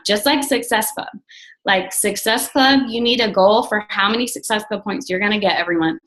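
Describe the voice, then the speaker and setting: Young woman team coach, casual and blunt, excitable, swears freely. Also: mid-range voice, poor audio. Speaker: team coach leading a call. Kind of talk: casual motivational team call.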